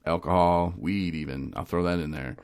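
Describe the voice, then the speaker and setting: A man hosting a casual podcast, telling stories with animated energy, laughing often and slipping into voices. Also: low voice, moderate pace, clean tone. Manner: animated storyteller who laughs and slips into voices. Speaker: podcast host. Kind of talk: casual recovery podcast chat.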